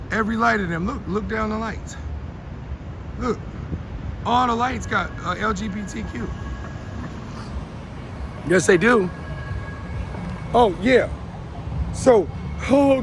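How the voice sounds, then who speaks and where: High-pitched fiery man ranting outdoors. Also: noisy background. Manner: fiery, confrontational, calls people out by name. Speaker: show host. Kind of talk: live street rant. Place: outdoors on a downtown city street.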